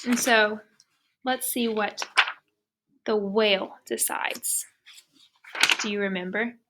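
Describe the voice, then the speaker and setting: A woman's voice: mid-range voice, steady tone, takes it slowly, background noise. A woman teacher reading a picture book aloud to young students, patient and asking many questions.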